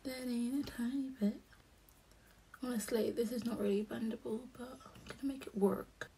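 A young woman vlogging casually as she does her makeup, talking softly and often half-whispering in a chatty way. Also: fairly high pitch, steady tone, moderate pace, slight background noise. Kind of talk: casual chat while doing makeup.

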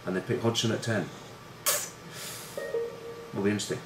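At a normal speed and in a steady tone, a middle-aged former rugby player rambles through casual stories in a slightly low voice, heavy on swearing, fillers and self-mockery. The space is echoey with a faint hiss behind him.

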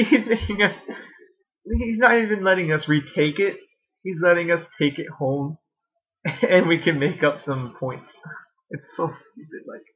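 A man's voice: fairly high pitch, a bit bright, slightly rough, muffled recording. A young man in a casual vlog at home, rambling and sarcastic about college, laughing often, recorded on a webcam. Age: young adult. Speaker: vlogger.

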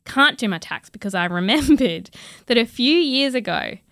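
A woman's voice: a little high, expressive, normal speed, fairly bright tone, no room sound, studio quality. An Australian woman co-hosting a podcast, chatting in a wry, casual way. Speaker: podcast co-host. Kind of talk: casual chat.

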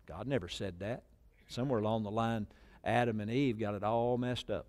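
A middle-aged man, preaching a sermon, jumping between loud shouted lines and quiet asides, and calling on the congregation to repeat phrases. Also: on the low side, moderate pace. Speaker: pastor. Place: church.

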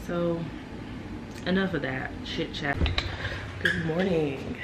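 A woman's voice: deep voice, takes it slowly, very noisy. Tired young woman vlogging, rambling. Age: young adult. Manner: rambling and candid, with many "like" fillers. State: tired and yawning. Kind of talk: casual talk to camera.

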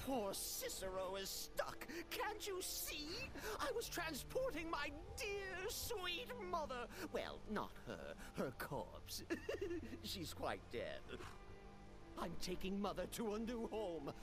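Brief: giggly unhinged jester, high and wildly swooping, slow and drawn out, game music behind. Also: male voice, huge pitch swings, heavily acted. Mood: pleading. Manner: sing-song, wild swings between shrieks and low mutters.

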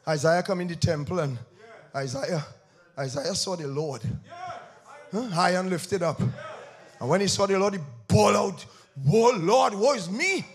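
Gravelly-voiced preacher with a lilt. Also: male voice, a little slow, pauses often. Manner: swings from shouted emphasis to low quiet intensity, repeats phrases. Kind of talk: sermon. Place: church.

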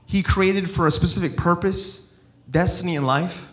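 A middle-aged evangelist preaching in a church with a fairly high-pitched voice. He talks in a free-flowing, personal way, telling stories and breaking off into restarts and asides. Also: moderate pace, a bit bright. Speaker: evangelist-missionary. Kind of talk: sermon.

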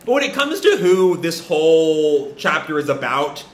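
A man's voice: fairly high pitch, sing-song, moderate pace. A man with stuffy sinuses and a cracking voice, reading manga aloud and reacting in a rambling way, in an echoey room. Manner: rambling, thinks aloud with fillers. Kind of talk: casual live reading and reaction.

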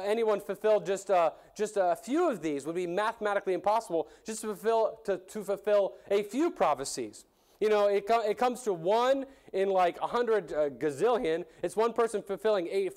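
Guy preaching a sermon, pretty high voice, earnest, keeps restarting his words. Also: a little mellow. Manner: earnest, repeats and restarts phrases, rises when voicing crowds.

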